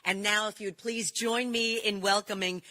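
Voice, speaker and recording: A woman's voice: mid-range voice, fairly even intonation, normal speed, sharp tone. A woman hosting as master of ceremonies at an indoor awards ceremony, upbeat and presenting on a microphone.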